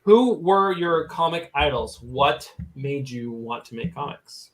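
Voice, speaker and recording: A man's voice: mid-range voice, animated, takes it slowly, slight background noise. A man from New Hampshire with a New England accent, co-hosting a casual live stream and rambling loosely over a beer. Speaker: podcast co-host.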